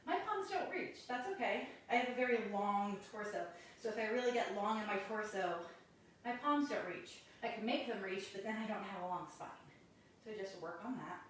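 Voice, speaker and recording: A woman yoga instructor guiding a class through poses, calm and practical, slightly out of breath as she does the poses with the class. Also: medium pitch, moderate pace, a little hiss or hum. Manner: calm step-by-step cues with self-aware asides. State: a little out of breath while doing poses. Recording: very echoey room, mic at a distance.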